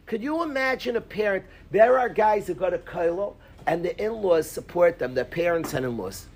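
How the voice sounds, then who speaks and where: A man teaching a lively Talmud class in a synagogue, quizzing his students by name and mixing in Hebrew and Yiddish terms. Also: high voice, moderate pace, hardly any pauses.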